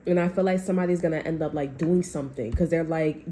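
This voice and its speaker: A woman's voice: on the low side, fast talker, hardly any pauses, dark tone. A woman giving a casual tarot reading, talking in a blunt, profane, rambling way. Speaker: tarot reader.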